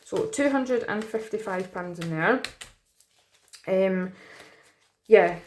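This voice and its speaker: A woman's voice: medium pitch, slow pace, a little hiss or hum. Tired woman from the uk rambling casually on her budget vlog, lots of ums. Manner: chatty, rambling, many fillers. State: tired, yawning. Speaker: budgeting vlogger. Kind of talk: casual chat to camera.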